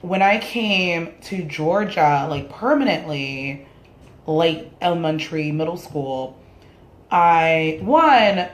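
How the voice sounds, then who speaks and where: A woman whose first language is Spanish vents her opinions to the camera, blunt and unfiltered, with swearing sprinkled throughout. Her voice sits a little low for a woman. The room around her rings with a noticeable echo. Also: lively intonation, takes it slowly. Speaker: vlogger. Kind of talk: casual opinion rant to camera. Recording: roomy echoey room sound.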